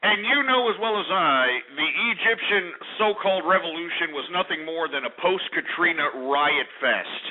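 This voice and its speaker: A man hosting a talk radio show, ranting in an angry, profane, sarcastic way. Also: high voice. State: out of breath. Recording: tinny phone-like radio recording.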